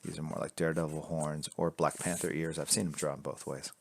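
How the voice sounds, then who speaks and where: Indoors at his drawing board, a man streams a live lesson, sketching while explaining construction lines, cracking jokes, and reading chat aloud. His bass voice is creaky and level, and he talks a little fast; the camera fixed to the board picks up slight background noise.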